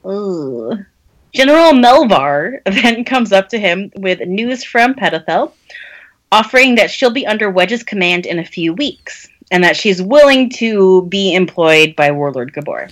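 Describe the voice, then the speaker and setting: A woman's voice: medium pitch, expressive, unhurried. A woman co-hosting a podcast, casually recapping plot and laughing often. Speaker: podcast co-host summarizing the book. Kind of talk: casual chat.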